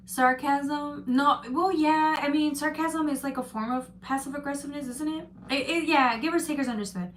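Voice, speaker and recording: Woman, tarot reader, live stream, chatty, restarts sentences, slightly high voice, faint background noise. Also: normal speed, few pauses. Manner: chatty, reads out viewer comments with frequent restarts.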